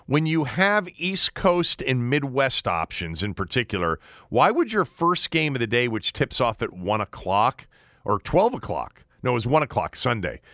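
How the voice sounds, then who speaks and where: A man hosts a casual sports betting talk, his voice bright and forceful. He speaks loosely, with fillers and restarts, into a close, dry mic. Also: mid-range voice, big pitch swings, normal speed, no room sound. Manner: conversational, frequent fillers and restarts. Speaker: sports betting show host.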